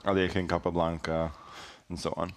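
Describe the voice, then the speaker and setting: A man's voice: deep voice, little pitch movement, normal speed. Laid-back man commentating chess. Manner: laid-back, dry, with frequent fillers and quoted asides. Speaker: guest commentator. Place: studio.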